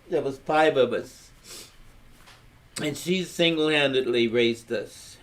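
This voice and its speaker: An older man from Louisiana, with a Louisiana accent and a medium-pitched voice, tells his life story slowly for a family history recording. He is plain-spoken and rambling, acting out old conversations as he goes.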